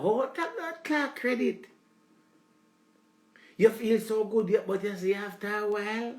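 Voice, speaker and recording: A man's voice: high-pitched, darkish tone, reverberant. A man with a Jamaican accent hosting a live stream, rambling in a preachy, comic rant aimed at his female viewers. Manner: preachy, repeats "let me tell you", addresses the ladies.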